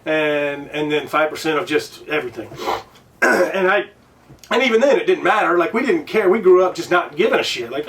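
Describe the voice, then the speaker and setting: A man's voice: on the high side, expressive, moderate pace, fairly bright tone, far from the mic. A man from Illinois hosting a casual interview, talking in a rambling way with restarts and swearing. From Illinois, United States. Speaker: podcast host. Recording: voice a bit off-mic.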